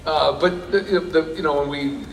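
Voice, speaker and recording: This male panel guest, a voice actor, fields audience questions in a big convention hall with a jokey, self-interrupting ramble full of restarts. He sounds a little high and keeps a measured pace while faint music plays. The recording is distant and echoey.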